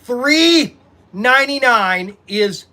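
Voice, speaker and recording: A man with a high, bright voice chats loosely with his viewers, rambling and animated. He runs a hobby shop and talks off the cuff into a phone on a tripod. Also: extremely slow. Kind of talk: casual livestream chat.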